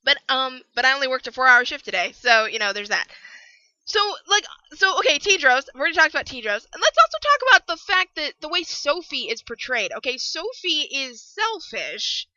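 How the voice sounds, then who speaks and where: A young woman with a high, very bright voice rants through a book review, swinging from mutters to outright yelling. The sound is dry and close, with a slightly dull, lo-fi edge from a home setup. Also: fairly quick, no room sound. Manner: animated, ranting, bursts into yelling.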